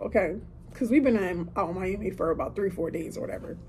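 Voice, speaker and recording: A woman's voice: lowish voice, quick pace, a little mellow, slight background noise, low-quality recording. A woman of 30 hosting a solo podcast from a hotel room, talking in a heartfelt, emphatic, motivational way. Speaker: podcast host. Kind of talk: casual solo podcast talk.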